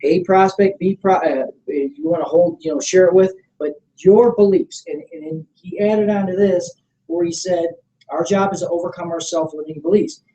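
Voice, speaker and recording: A middle-aged man leading a motivational sales training seminar. He coaches with energy, keeps checking that the room is following, and acts out sample pitches. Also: normal speed, warm tone, slight background noise, low-quality recording. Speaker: network marketing trainer.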